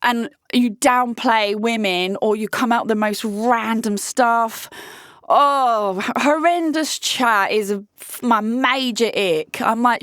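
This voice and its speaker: A fairly high-voiced woman in her thirties vlogs about dating in a blunt, animated way, swearing freely and laughing often. The sound is dry and close, with no room echo. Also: slow pace. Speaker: dating vlogger. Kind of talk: casual candid vlog monologue.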